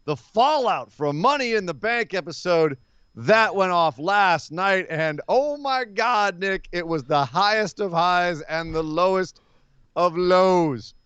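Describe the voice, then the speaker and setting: A man co-hosting a live wrestling podcast, talking in an excitable, jokey way full of exclamations. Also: high-pitched, slow, smooth, no echo, muffled recording. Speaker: podcast co-host. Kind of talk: casual live podcast chat.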